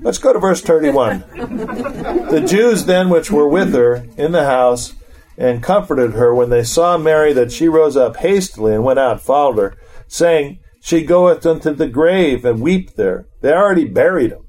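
A man's voice: on the high side, expressive, normal speed, darkish tone. A middle-aged man leading an informal Bible study, reading verses aloud and then commenting on them in a conversational way.

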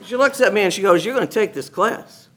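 A man giving a personal testimony to a gathered group, an animated storyteller who acts out other people's lines and laughs often. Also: high-pitched, fairly quick. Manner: laughs often while talking. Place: meeting room with a gathered group.

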